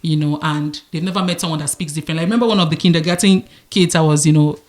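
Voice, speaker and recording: This podcast co-host, a woman in her thirties from Nigeria, has a low-pitched voice, a Nigerian accent, and talks fast. She spins stories during relaxed chat, animated throughout and mixing in Nigerian Pidgin.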